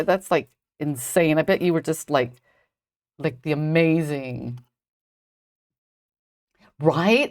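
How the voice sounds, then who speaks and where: Rambling woman chatting on a live stream. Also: on the low side. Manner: rambling, heavy use of "like". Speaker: jewelry designer live-streaming. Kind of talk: casual live-stream chat while crafting.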